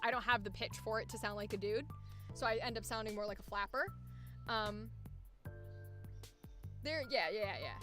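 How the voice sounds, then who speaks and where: A woman voice actor chatting casually on a livestream, excitable, laughing often and swearing freely. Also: medium pitch, moderate pace, pauses often, over music. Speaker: voice actor streaming with chat.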